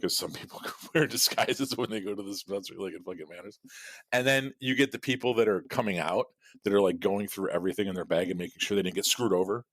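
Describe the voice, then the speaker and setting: Male podcast co-host, low-pitched, animated, profane rambler, dry close sound. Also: fast, no room sound. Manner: rambling, profane storytelling with frequent laughs. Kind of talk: casual chat.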